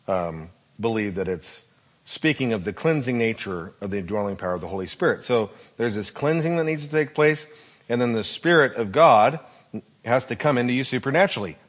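A man preaching a sermon, explaining scripture in a conversational way and often checking in with the listeners. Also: medium pitch. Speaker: pastor.

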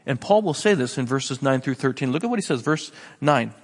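A pastor preaching a sermon with an animated, sarcastic delivery, often repeating words as he builds his points. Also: medium pitch, a little fast, in a large hall.

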